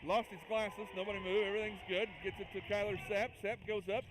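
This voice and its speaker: A man doing chatty, excitable play-by-play for a school basketball game, joking with listeners between plays. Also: sits high, fast talker. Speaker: play-by-play announcer. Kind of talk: amateur basketball commentary. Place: school gym. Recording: noisy gym sound.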